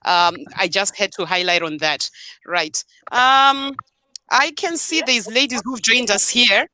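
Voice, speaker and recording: A woman hosts a live online show over a video call, firm and direct with her viewers, slipping Shona into her English. Her voice is bright and forceful. The sound is dry, with no room echo. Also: on the high side, expressive, measured pace. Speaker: host.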